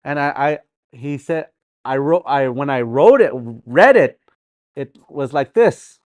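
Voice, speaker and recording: Lively, playful language teacher. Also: medium pitch, slow, dry recording. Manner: playful, repeats words for practice, chuckles often; paces around the room while teaching. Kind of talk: live language class. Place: classroom during a livestreamed class.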